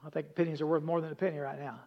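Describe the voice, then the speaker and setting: A man preaching a folksy, humorous sermon, rambling into stories and dropping from loud emphasis to hushed asides. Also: a little high, flat delivery, racing. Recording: dull lo-fi recording.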